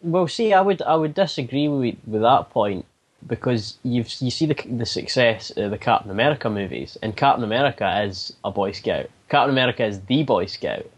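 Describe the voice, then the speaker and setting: A man's voice: medium pitch, lively intonation, brisk, husky. A man appearing as a podcast guest, chatting casually and giving opinions with some hesitation. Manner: opinionated, thinking aloud, with hesitations. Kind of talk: casual chat.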